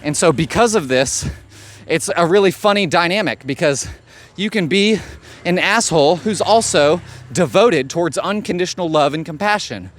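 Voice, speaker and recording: A man's voice: on the high side, expressive, moderate pace. A man giving a blunt, profane motivational monologue as a life coach. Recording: faint street noise behind.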